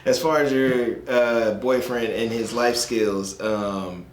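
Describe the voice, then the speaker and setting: A man's voice: medium pitch, steady tone, takes it slowly. A man hosting a podcast, chatting in a laid-back way and laughing often. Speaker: podcast host. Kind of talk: casual podcast chat. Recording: echoey room with faint noise.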